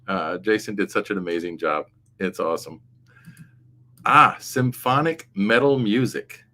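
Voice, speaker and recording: A man's voice: on the low side, unhurried, bright, forceful tone. A man hosting a casual livestream chat, rambling along with frequent fillers. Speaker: livestream show host.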